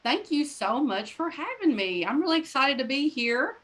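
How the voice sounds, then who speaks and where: Podcast guest, middle-aged woman, easygoing and friendly, somewhat high pitch. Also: sing-song, moderate pace, a bit bright. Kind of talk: casual chat.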